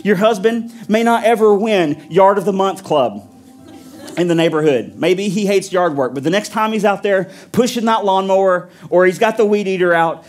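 A pastor preaching a sermon with an emphatic, repetitive cadence, then leading a prayer. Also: male voice, high voice, normal speed, faint music behind.

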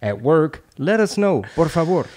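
A man's voice: fairly high pitch, sing-song, normal speed, darkish tone. A man hosting a casual podcast chat, playful and hype-man-like, dropping Spanish asides. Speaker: podcast host.

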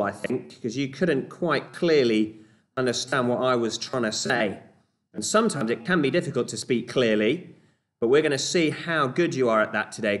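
A man's voice: medium pitch, fairly bright tone. A man leading an online children's club, playful and encouraging, with mock-exasperated exclamations.

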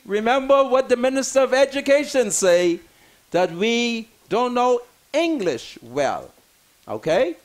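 A man, hosting a talk show and ranting theatrically about politics. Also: sits high. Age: 60s. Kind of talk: fiery political rant on talk radio.

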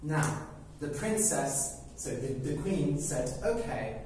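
A male teacher tells a story to learners at a crawling pace, breaking it into short, simple pieces and checking in after each one. His voice sits a little high for a man. The room rings with heavy echo and the mic is set well away from him, with a faint hum behind. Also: a little mellow. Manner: very slow and simple, checking with "okay?" after phrases. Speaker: English teacher telling a story. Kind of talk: slow storytelling for language learners. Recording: very echoey room, mic far off, faint background noise.

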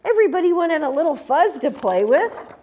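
Animated sing-song storytime woman. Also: sits high, brisk. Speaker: children's storyteller. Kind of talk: storytime read-aloud to children.

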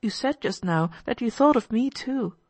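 A woman voicing an eager, excitable teenage boy in an audiobook, gushing with breathless enthusiasm. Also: on the high side, normal speed, no echo, voice pushed up. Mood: excited. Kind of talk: audiobook character voice.

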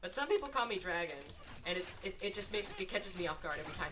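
A woman giving live gameplay commentary from home, excitable and swearing, drifting into self-mocking asides between plays. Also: mid-range voice, fast talker, slight background noise. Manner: excitable, swearing, shrieks at game moments. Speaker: gaming video creator. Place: room at home.

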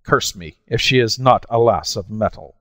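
A menacing pirate captain, as a man reads him, gloats in rough old-fashioned sailor talk. The voice sits low and close on a dry mic. A long reverb trails after it. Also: normal speed, a bit bright. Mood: gloating. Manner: rough old-sea speech.

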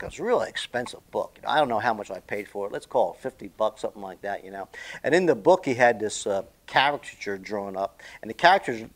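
A man telling a golf lesson story in a casual, rambling monologue, animated and a bit salty. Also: medium pitch. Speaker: golf vlogger.

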